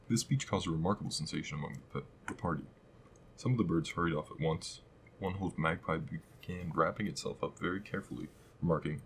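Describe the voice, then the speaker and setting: Male audiobook narrator, very deep, measured, storybook reading. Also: vocal fry, slight background noise, low-quality recording. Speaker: audiobook reader.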